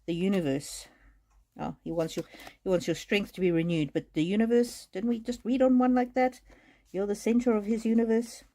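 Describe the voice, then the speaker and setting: A woman giving a live-streamed oracle card reading, speaking gently and haltingly, moved to emotion and laughing often. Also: medium pitch. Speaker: tarot and oracle card reader. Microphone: streaming mic.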